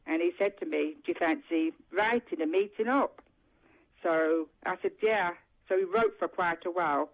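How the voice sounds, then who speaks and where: A woman from London with a Cockney accent, calling in to a radio show and rambling in casual chat. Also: low-pitched. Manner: rambling, full of "and that". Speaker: caller. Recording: dull phone line with faint noise.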